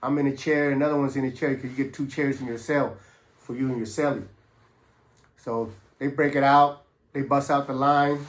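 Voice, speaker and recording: A man's voice: medium pitch, steady tone, normal speed. A middle-aged man casually recounting his past in a laid-back, streetwise way, full of slang and fillers. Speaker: former prisoner telling his story. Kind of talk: casual storytelling. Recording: roomy echo.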